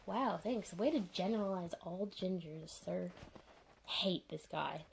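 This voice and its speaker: A woman's voice: on the low side, unhurried, creaky, a little hiss or hum. A woman casually recapping a TV episode, sarcastic and exasperated, full of "like" and "um". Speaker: TV episode reviewer.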